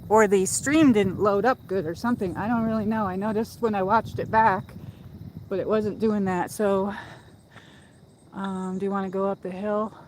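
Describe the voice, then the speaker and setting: On a rough phone-mic recording with slight background noise, a woman livestreams while walking up a hill in an outdoor park. Her mid-range, slightly mellow voice is fairly even and normal in speed as she chats and rambles, out of breath.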